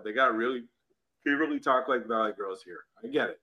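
A man's voice: mid-range voice, fast, sharp tone, rough recording. A man hosting a podcast, ranting bluntly and profanely in casual banter. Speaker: podcast host.

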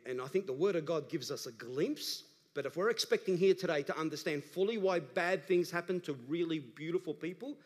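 Pastor preaching in a reverberant hall. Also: male voice, fairly high pitch. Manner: animated, rising to emphatic calls to the congregation. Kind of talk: sermon.

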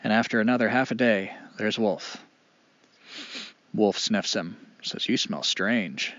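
Man telling a folk tale, animated. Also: on the low side, no echo, lo-fi sound. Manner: animated, expressive, with dramatic pauses. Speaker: storyteller. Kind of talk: oral storytelling.

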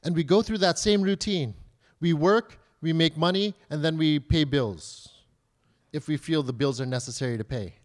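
A man in his thirties preaching a sermon in a conversational way, asking rhetorical questions and acting out pleas in a higher voice. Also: normal speed. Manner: acts out children's and believers' pleas in a higher voice. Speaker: pastor.

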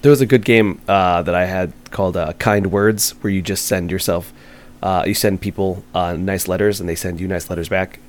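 Casting note: lower-voiced male podcast co-host, loose and rambling, lots of "uh" and "like". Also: fairly even intonation, moderate pace. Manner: rambling, filler-heavy. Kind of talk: casual gaming chat.

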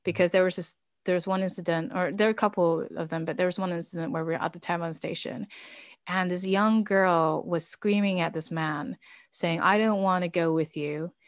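A woman's voice: fairly low pitch, fairly even intonation, fairly quick, dry recording, studio quality. A woman interview guest, a business founder, telling personal experiences in a candid, reflective way with many fillers and restarts. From Chinese heritage.

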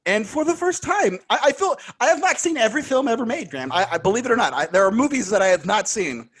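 A high-pitched man talks through a movie's plot in a casual podcast chat. His delivery is animated and wry, with laughs slipping in and sarcastic asides. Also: fast talker, slightly rough. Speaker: podcast co-host.

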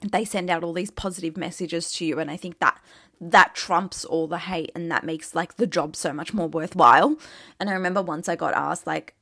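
A woman's voice: fairly low pitch, moderate pace, sharp tone, dry recording, studio quality. A young woman with an Australian accent, a social media creator talking casually and candidly, full of "like" and easy swearing. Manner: chatty, peppered with "like", swears casually.

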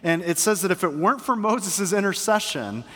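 A middle-aged male pastor preaching a sermon to his church, earnest and shifting between hushed and emphatic. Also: high-pitched, lively intonation, moderate pace. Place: church sanctuary. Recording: long hall reverb.

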